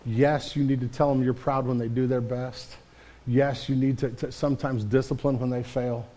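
With a mellow, mid-range voice that barely shifts in pitch, a pastor preaches at a moderate pace in a conversational way. He often repeats himself, restarts sentences partway, and says "man" as he goes.

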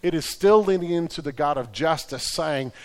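A man preaching a sermon as the pastor, earnest and shifting between quiet reflection and loud, urgent prayer. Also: on the high side, moderate pace. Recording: long hall reverb.

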